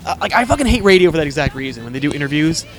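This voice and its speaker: A man's voice: on the high side, very animated, very fast, faint music behind. A man co-hosting a podcast in loose, rambling casual chat, giggling and swearing often. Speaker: podcast co-host.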